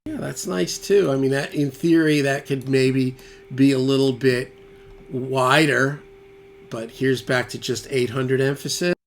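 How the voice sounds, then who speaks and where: Male guitarist, easygoing demo talk, thinks aloud, mid pitch, heavy guitar music underneath. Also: steady tone, a little slow. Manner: thinking aloud, trailing off between tweaks. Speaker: guitarist demonstrating gear. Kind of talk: casual studio demo talk. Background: loud electric guitar playback.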